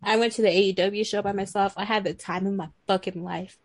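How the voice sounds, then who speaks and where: Young woman from houston just rambling and cussing on a podcast, middle pitch, dry close sound. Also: steady tone, fast talker, no room sound. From Houston, Texas. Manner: rambling, profane, chatty. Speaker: podcast co-host. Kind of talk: casual chat.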